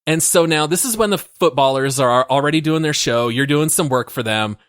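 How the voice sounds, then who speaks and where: A man's voice: a little high, brisk, a bit bright, smooth, dry recording, studio quality. Amused man prompting his co-host. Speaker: podcast co-host. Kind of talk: casual chat.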